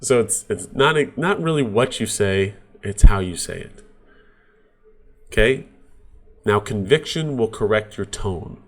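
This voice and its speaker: A man's voice: lowish voice, lively intonation, measured pace, long pauses. A man coaching real estate agents in a casual, conversational sales training talk. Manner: casual, conversational, uses sports examples.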